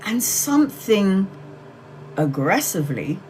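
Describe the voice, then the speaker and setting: A woman's voice: medium pitch, sing-song, slow pace, background noise. A middle-aged woman hosting a tarot livestream, telling a story to her viewers in a candid, chatty way and swearing casually. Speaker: tarot reader livestream host.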